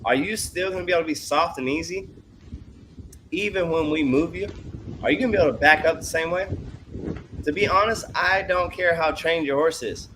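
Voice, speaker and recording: Man, horse trainer, folksy coaching talk, bright tone, slightly high voice, faint background noise. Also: fairly quick. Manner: folksy, animated, puts on voices for quoted people and horses. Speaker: horse trainer reviewing student videos. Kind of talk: video review commentary.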